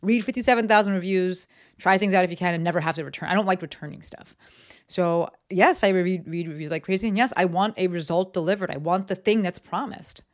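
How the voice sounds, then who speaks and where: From a home office, a New Jersey podcast host talks through a casual solo business episode, chatty and candid, with lots of ums and likes. His East Coast US voice is medium-pitched and a little fast.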